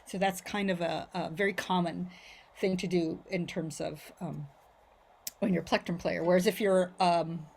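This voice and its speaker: This woman has a lowish, husky voice with a steady tone, vocal fry, and a darkish quality, speaking at normal speed. Teaching Irish mandolin tunes on a video call, she talks through phrasing in a relaxed way, using sung syllables and a frequent "right?". Mandolin playing can be heard behind her.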